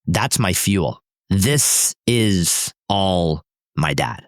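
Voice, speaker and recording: Man, intense and emphatic, interview guest, low pitch, dry sound. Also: expressive, drawn-out words, dry recording. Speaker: startup founder and CEO, podcast guest. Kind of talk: personal storytelling in an interview.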